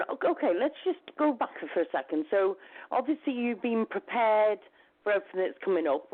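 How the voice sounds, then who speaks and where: A woman hosting a talk show, telling a long personal story in a chatty, rambling way. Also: mid-range voice. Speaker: show host. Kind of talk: casual storytelling chat. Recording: phone-like lo-fi call audio.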